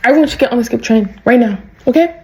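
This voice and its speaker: A young woman vlogging in an excitable, chatty way, with frequent laughs and plenty of "like" and "bro." Her voice sits a bit high with a mellow, warm tone. She keeps to a casual, talking-to-a-friend delivery. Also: very fast, poor audio. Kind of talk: casual chat, recapping a show.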